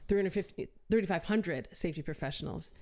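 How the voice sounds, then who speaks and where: A woman's voice: lowish voice, expressive, fast talker, a little mellow. A woman guest on a podcast, a consultant, speaking earnestly and reflectively in casual conversation. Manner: earnest, reflective, frequent affirming backchannels. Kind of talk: casual interview talk.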